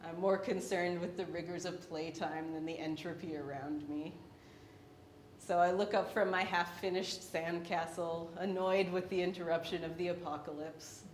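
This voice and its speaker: A woman's voice: fairly even intonation, moderate pace. Wry young woman in an echoey room. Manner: wry, self-deprecating, laughs between points. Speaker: artist presenting her paintings. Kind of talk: artist talk about her work. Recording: echoey room with faint rumble.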